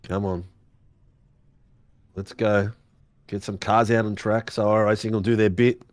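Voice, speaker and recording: A man's voice: on the low side, fairly even intonation, a little slow, no echo. Laughing man calling sim racing. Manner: chatty, laughing, slangy banter. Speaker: race commentator.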